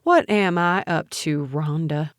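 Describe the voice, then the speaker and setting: A woman's voice: low voice, slow, no echo, studio quality. A woman voicing a smug, snide man with a Mississippi drawl. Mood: sneering. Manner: sneering, mocking. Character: smug snide young male political operative.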